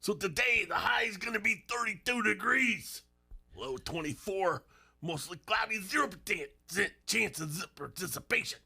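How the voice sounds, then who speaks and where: Raspy yelling wrestler weather guy, high and bright, pitch all over. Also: animated, normal speed, soft background music, exaggerated voice. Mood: blustery. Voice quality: gravelly, raspy. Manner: shouting, growling catchphrases. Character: gravelly over-the-top wrestler-style male weatherman.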